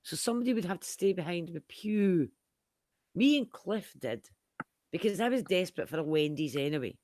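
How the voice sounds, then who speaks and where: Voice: mid-range voice, lively intonation, moderate pace, a little mellow, no echo. Easygoing podcast voice, dry sound. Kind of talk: casual podcast chat.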